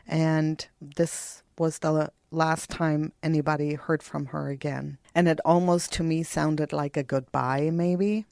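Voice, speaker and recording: A woman co-hosting a true crime podcast, reading out a phone call in a somber, measured way. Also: low-pitched, darkish tone, no echo, studio quality. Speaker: podcast co-host.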